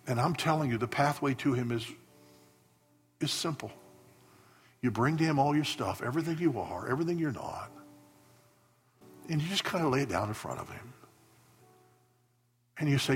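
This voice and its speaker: A man preaching a sermon and leading a prayer, swinging from soft, near-whispered pleading to loud, high peaks. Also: expressive, normal speed, long pauses, faint music behind. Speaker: pastor.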